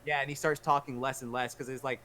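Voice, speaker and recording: A man on a casual livestream retells a film in a long, rambling run of "like" fillers. His voice sits at a middle pitch for a man, and a faint background hiss lies under the recording. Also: level tone, fast, sharp tone.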